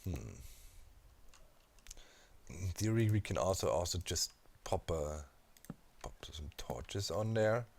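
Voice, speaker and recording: A man's voice: deep voice, expressive, slow, creaky, pauses often, darkish tone, slight background noise. A man casually commenting while he builds in a video game, thinking aloud with many fillers and asides. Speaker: Minecraft let's player.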